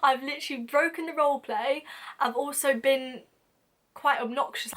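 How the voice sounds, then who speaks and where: A young woman telling a funny story to camera in a casual, lively way, acting out what people said. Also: high voice, moderate pace. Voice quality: lively, acts out quoted lines with sudden whispers and laughs. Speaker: vlogger.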